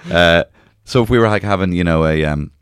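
A man's voice: low voice, fast, smooth. A young man co-hosting a podcast, rambling through crude comedic banter with lots of fillers. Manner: rambling, with frequent fillers and laughs. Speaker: podcast co-host.

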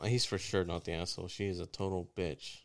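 Low-voiced man, heated and profane. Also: little pitch movement, a little fast. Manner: heated, profane and blunt, joking. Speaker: podcast co-host. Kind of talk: casual podcast chat.

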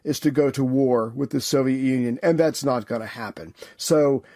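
A man's voice: medium pitch, moderate pace, mellow, dry recording. Rambling male podcast co-host, dry sound. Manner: loose, rambling with restarts. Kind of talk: casual chat.

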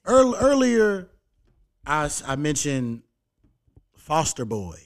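A young man hosting a casual podcast, laid-back and swearing freely, animated when he quotes other people. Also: a little high, slow. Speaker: podcast host and comedian.

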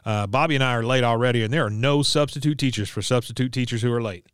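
A man quoting a bossy, hurried mother in his own voice while recapping a scene. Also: mid-range voice, smooth, dry recording, clean studio sound, close to an everyday voice.

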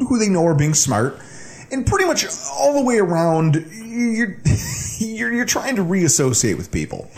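Man in his thirties, animated storyteller, higher voice, lots of pitch swing, laughing. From Buffalo, New York area. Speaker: podcast co-host. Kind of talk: casual storytelling chat.

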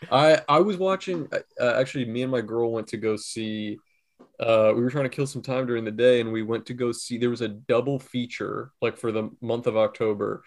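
A man's voice: medium pitch, a little fast. A man co-hosting a podcast, telling long rambling stories in casual chat. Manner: rambling storyteller, lots of fillers. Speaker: podcast co-host.

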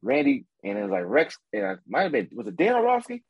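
A man co-hosting a casual sports chat over a remote call, animated and full of stammering restarts. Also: mid-range voice, fast talker, no room sound, phone-quality sound. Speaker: sports podcast co-host.

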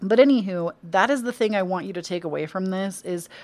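A woman's voice: mid-range voice, fairly quick, darkish tone. A young adult woman hosting a casual solo podcast, chatty and encouraging, with lots of "um" and "like". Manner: chatty, encouraging, with many fillers like "um" and "like". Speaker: podcast host and content creator.

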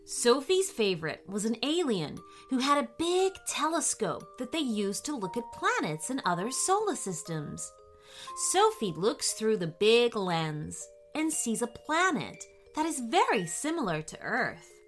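Slow, lively woman reading a kids' story. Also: fairly high pitch, faint music behind. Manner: gentle, expressive storybook reading with voiced quotes. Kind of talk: children's bedtime story narration.

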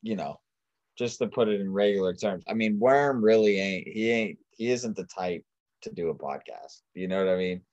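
A man's voice: on the low side, moderate pace, darkish tone, muffled recording. A man chatting casually as a podcast guest over a remote mic, laid-back and often asking "you know what I mean". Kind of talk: casual crude podcast chat. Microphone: remote mic held far off.

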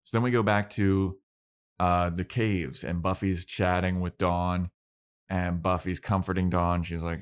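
Young male podcast co-host, lowish voice, easygoing, profane, recaps with quick character bits. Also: level tone, clear, resonant tone. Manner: laid-back, swears freely, acts out characters' lines. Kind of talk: casual chat recapping a TV episode.

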